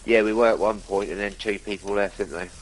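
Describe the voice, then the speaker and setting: A man's voice: lowish voice, fairly even intonation, fairly quick, a little hiss or hum. A man chatting casually with teammates during a game, often repeating the others and calling them mate. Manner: echoes others' words, says mate. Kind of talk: casual gaming chat.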